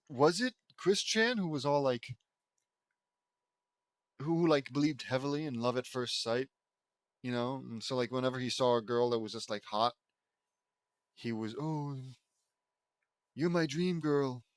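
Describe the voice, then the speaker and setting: A man's voice: mid-range voice, a little slow, long pauses, no room sound, clean studio sound. A man casually reading his own fan fiction aloud, with self-deprecating asides and frequent self-corrections. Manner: self-deprecating, chatty, stumbles and corrects himself.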